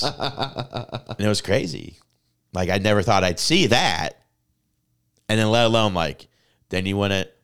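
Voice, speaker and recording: A man co-hosting a casual podcast, telling a rambling, excitable story full of swearing and filler words. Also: lowish voice, measured pace, long pauses, clean tone. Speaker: podcast co-host. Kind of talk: casual chat.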